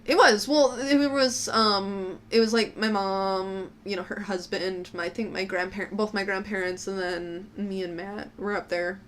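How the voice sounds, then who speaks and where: A woman co-hosting a casual podcast chat, joking and swearing, and tossing in quick teasing quips. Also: mid-range voice, steady tone, slight background noise. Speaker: podcast co-host.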